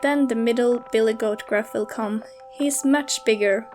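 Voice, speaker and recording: Woman reading the small billy goat from a storybook, delicate voice, pleading, raised high. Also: a little slow, darkish tone, soft background music, natural voice.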